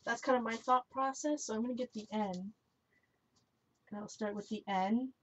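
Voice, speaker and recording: A woman's voice: fairly high pitch, moderate pace. A woman hosting a live stream, chatting casually as she crafts, often correcting herself, laughing, and answering viewer comments aloud. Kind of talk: casual chat while crafting. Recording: dull lo-fi recording.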